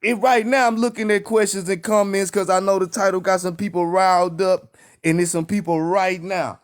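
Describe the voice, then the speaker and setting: A man's voice: high-pitched, flat delivery, moderate pace. A man with a Texan accent preaching with fire in a live stream, emphatic and repetitive, hammering his lines like a call and response. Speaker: online preacher.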